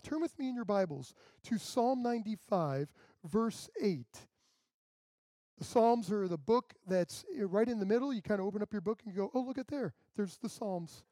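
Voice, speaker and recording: A man's voice: high-pitched, mellow, dry recording. A male pastor preaching a sermon in a conversational way, acting out the people he quotes.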